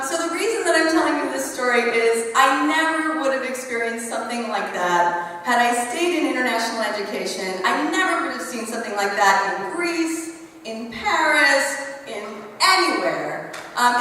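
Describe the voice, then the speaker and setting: A woman in her forties telling a story on stage in an animated way, laughing through the funny parts. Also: sits high. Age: 40s. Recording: echoey hall from far off.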